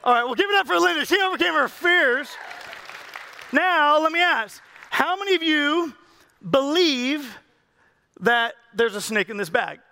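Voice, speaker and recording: A man's voice: very high voice, lively intonation, a little slow, vocal fry, bright, forceful tone, a faint crowd. A man preaching a sermon as pastor, talking in a conversational, joking way with his congregation and coaxing people up on stage. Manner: calls people up and coaxes them on stage.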